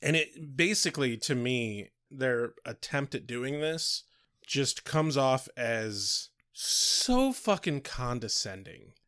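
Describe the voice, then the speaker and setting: A man's voice: medium pitch, big pitch swings, slow pace, a bit bright, clear, resonant tone, no room sound, clean studio sound. A man co-hosting a podcast, blunt and profane in casual chat about an episode. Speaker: podcast co-host.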